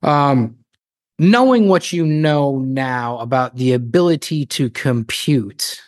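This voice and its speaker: A man hosting a podcast, talking in an animated, joking, rambling way. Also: medium pitch, slow, dry recording, clean studio sound. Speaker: podcast host. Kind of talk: casual interview chat.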